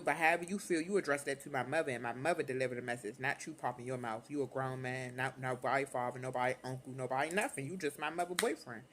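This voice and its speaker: A young adult woman vlogger telling a storytime in casual, slangy, profane talk, animated and unfiltered. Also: low-pitched, slight background noise.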